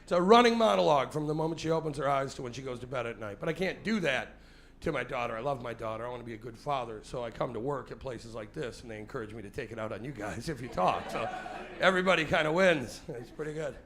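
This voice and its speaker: A man's voice: medium pitch, animated, fast, fairly bright tone. A forty-year-old man doing a profane, crowd-baiting stand-up set on a club stage, sweating as he talks. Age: 40s. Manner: profane and confrontational, teasing the crowd. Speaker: stand-up comedian. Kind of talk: live stand-up comedy set.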